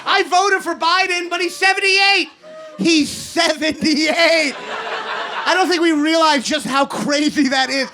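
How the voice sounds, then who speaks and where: A man in his thirties from Kentucky doing an animated, sarcastic stand-up set on a comedy club stage, swinging between loud rants and mutters. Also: very high voice, moderate pace, few pauses, a crowd in the background. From Kentucky, USA. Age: 30s. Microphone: handheld stage mic. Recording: live club recording with audience noise. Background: audience laughter.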